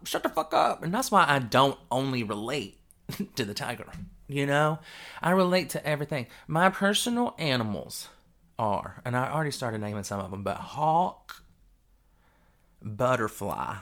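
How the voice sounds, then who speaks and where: A podcast host giving a loose, rambling solo monologue while high, often breaking into giggles.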